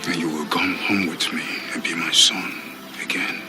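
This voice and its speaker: An actor playing a desperate grown father who pleads with his lost son, his voice rising to shouts and dropping to a whisper. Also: low-pitched, flat delivery, moderate pace, over music, close to an everyday voice. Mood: desperate pleading. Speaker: film character.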